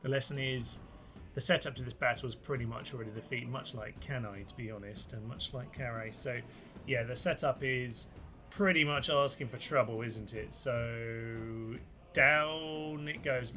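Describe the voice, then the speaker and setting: A young man talks through a strategy game on a close mic, chatty and wry, as if thinking aloud. His voice is bright and forward. Faint game music runs underneath. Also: medium pitch, expressive, moderate pace. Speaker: YouTube host. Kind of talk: gameplay commentary.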